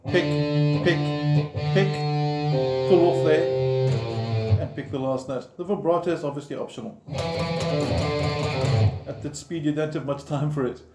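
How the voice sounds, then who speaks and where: On the high side, he speaks at a moderate pace and pauses often, patiently walking through a guitar lesson step by step as he plays and counts in. Guitar plays in the background of a roomy, echoing recording.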